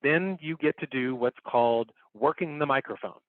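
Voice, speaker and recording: A man's voice: mid-range voice, normal speed, no room sound. Casual man teaching over a tinny line. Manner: explains step by step, repeats key points; casual, upbeat, talks while demonstrating on screen. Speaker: workshop instructor. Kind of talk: online class teaching. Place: home recording setup. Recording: dry, phone-like online call audio.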